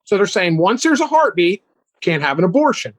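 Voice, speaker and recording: A man in his sixties, a guest on a political talk show, animated and mocking as he talks. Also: fairly quick, no room sound. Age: 60s. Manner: animated, mocking, mimics opponents in high voices.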